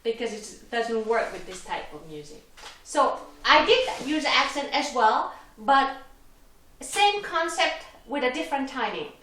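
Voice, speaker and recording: A woman's voice: high voice, big pitch swings, a little slow, a bit bright, recorded from a distance, a little hiss or hum. A woman teaching a violin lesson, patiently explaining step by step with small slips in her wording. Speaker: violin instructor. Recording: roomy echo, voice from off the mic, violin playing.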